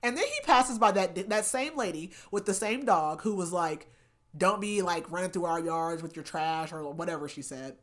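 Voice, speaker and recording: Chatty woman recapping a book, lower voice. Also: normal speed. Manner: chatty, heavy use of "like", animated retelling of scenes. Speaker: book podcast host. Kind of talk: casual book recap chat.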